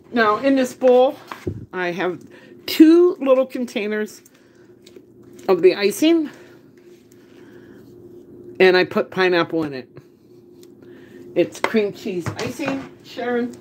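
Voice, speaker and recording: A woman's voice: medium pitch, lively intonation, takes it slowly, pauses often, a little mellow, a little hiss or hum. A woman hosting a casual live cooking stream from her home kitchen, chatty, laughing often and greeting viewers by name. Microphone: phone camera.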